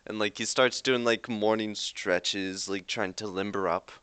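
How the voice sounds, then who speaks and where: A man's voice: fairly low pitch, steady tone, a little slow, a bit bright, clear, resonant tone, no room sound. A young man running a tabletop game as game master, narrating loosely with lots of "like". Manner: rambling with frequent "like" fillers.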